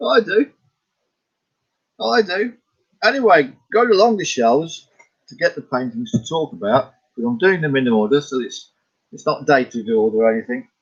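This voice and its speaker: Rambling Scottish man, husky and lo-fi. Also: medium pitch, animated, moderate pace. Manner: rambling, chuckling, talks to himself. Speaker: artist vlogger. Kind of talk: casual chat about his paintings.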